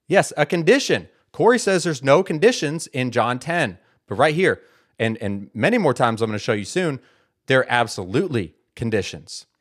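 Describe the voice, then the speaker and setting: A man giving Bible teaching commentary, emphatic, asking rhetorical questions and answering them himself. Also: mid-range voice. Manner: repeats words for stress.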